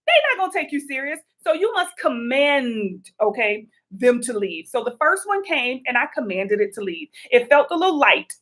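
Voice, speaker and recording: A middle-aged woman giving spiritual advice in a chatty, animated livestream talk, calling her viewers y'all. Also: high-pitched, fairly quick, hardly any pauses. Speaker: spiritual vlogger.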